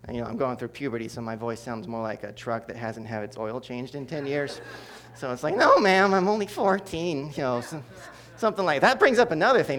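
A man delivers a sermon testimony in a mid-pitched voice. He tells the story with humor and animation, jumping to loud bursts and then dropping to hushed asides. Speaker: preacher giving testimony.

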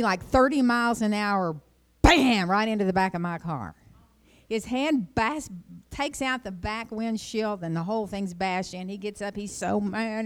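A middle-aged woman giving an informal devotional talk, telling rambling personal stories and jumping high in pitch when she quotes herself. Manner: chatty, rambling storyteller, jumps up high when quoting herself. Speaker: Christian speaker.

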